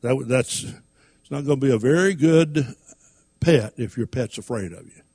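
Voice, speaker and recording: A man's voice: mid-range voice, measured pace, mellow. A man preaching a sermon, reading King James scripture and using folksy everyday stories.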